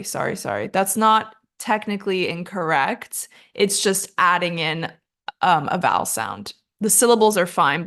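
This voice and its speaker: A young woman teaching English pronunciation in a casual video lesson. She repeats words slowly to model them, corrects herself, and laughs often. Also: medium pitch, fairly bright tone.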